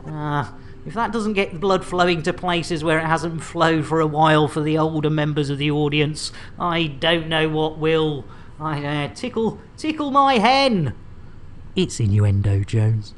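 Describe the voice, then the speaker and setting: A woman's voice: sits low, a little slow, a little hiss or hum. A woman hosting a game stream, joking and bantering with bawdy humour. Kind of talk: casual game-stream chat.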